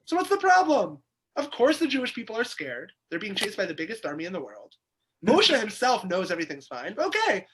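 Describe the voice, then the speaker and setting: A man's voice: high voice, huge pitch swings, a little fast, a bit bright, breathy edge. A man, teaching a weekly Torah class as a rabbi over a video call, explaining by asking questions aloud. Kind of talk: lively text study lecture.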